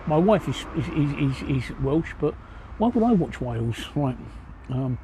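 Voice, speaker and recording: Cockney man livestreaming from a pub terrace, mellow, swears a lot. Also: a little high, big pitch swings, unhurried, slight background noise. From East London, England. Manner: rambling and blunt, swears freely. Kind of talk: casual livestream chat answering viewers. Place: outdoor pub seating by a street.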